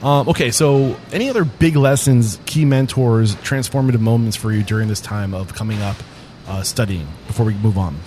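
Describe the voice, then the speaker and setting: A man's voice: fairly low pitch, fairly quick, dark tone, slight background noise. Earnest man hosting a casual interview. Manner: earnest, probing, swears casually. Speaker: podcast host.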